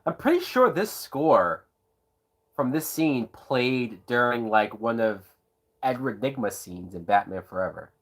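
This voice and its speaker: Tipsy man, animated sarcastic commentary. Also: medium pitch, unhurried. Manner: sarcastic, profane, incredulous; bursts into whooping laughter. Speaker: movie reviewer. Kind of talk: live movie watch-along commentary.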